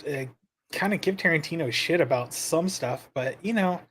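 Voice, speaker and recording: A man's voice: a little high, lively intonation, normal speed, fairly bright tone, slightly rough. Easygoing chatty podcast guy. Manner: easygoing, laughs along, chatty. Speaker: co-host. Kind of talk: casual comedy podcast chat.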